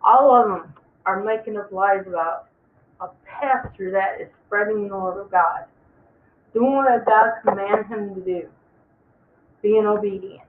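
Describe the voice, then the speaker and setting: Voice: mid-range voice, measured pace, a little hiss or hum. A speaker giving an impassioned end-times warning monologue, emphatic and preachy, repeating words for stress. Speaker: religious vlogger. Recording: tinny phone-like sound in an echoey room.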